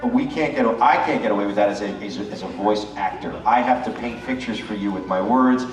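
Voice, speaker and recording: Male voice actor from Brooklyn, panel Q&A, animated explainer, echoey distant hall sound with light hiss. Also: on the low side, quick pace. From Brooklyn, New York. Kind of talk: convention panel talk. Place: large convention panel room. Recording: echoey hall, distant mic, faint noise.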